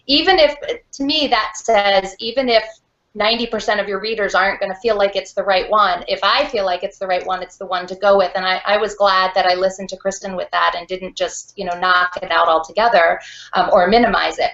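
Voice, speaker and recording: A woman's voice: mid-range voice, steady tone, brisk, a bit bright. A woman author speaking frankly and outspokenly in a video call interview, with lots of fillers. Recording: dull lo-fi video call audio.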